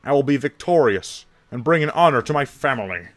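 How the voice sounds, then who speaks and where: A man voicing a boastful, pompous adult male knight with a put-on Southern US accent, drawled slowly and loudly. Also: medium pitch, expressive, no echo, natural voice.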